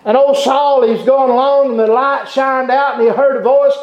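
A man preaching a sermon, fervent, with halting restarts and bursts of shouting. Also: extremely high pitch, fairly even intonation. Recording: echoey room, dull lo-fi sound.

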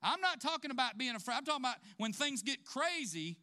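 A man preaches to his congregation in a high-pitched voice. His tone is bright and ringing, and he leans into his points with direct questions. Short laughs break up his sermon here and there. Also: big pitch swings, fast. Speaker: pastor.

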